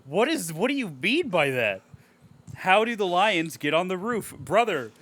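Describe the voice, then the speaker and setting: A man with a fairly high, bright, forceful voice co-hosts a casual movie podcast. He reads a review out loud and keeps breaking off to tear into it, sarcastic and full of swearing. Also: very animated, a little slow, a little hiss or hum. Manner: reads a review aloud and rants at it with sarcastic, profane outbursts. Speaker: podcast co-host.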